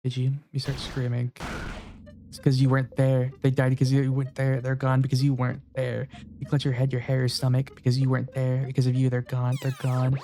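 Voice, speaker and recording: A male game streamer reads the story aloud and reacts to it. His swearing and emotional outbursts cut into low, mellow muttering. His voice is warm and dark, with faint music behind it. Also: monotone, a little fast. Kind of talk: casual let's-play commentary and reading.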